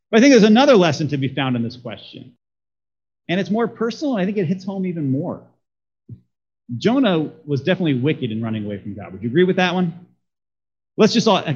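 A man's voice: a little high, muffled recording. A man preaching a sermon as a pastor, talking conversationally and putting questions to his congregation.

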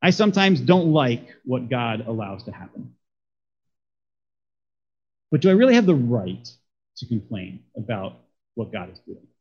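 A pastor delivers a sermon to his congregation in a husky, slightly breathy, medium-pitched, and a little mellow voice, staying conversational and repeatedly putting questions to the room. He is very animated yet unhurried, with long pauses, and the recording sounds a bit dull and lo-fi.

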